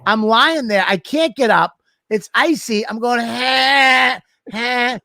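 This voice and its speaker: A man co-hosting a comedy podcast, swearing his way through a lively story on a studio microphone. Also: very high voice, measured pace, dry recording. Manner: animated, swearing constantly, acts out scenes. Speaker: podcast co-host.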